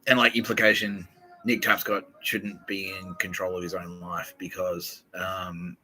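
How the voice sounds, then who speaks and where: A man's voice: low-pitched, flat delivery, unhurried, pushed and bright, rough recording. A man hosting a podcast, rambling through profane casual banter and laughing often. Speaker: podcast host.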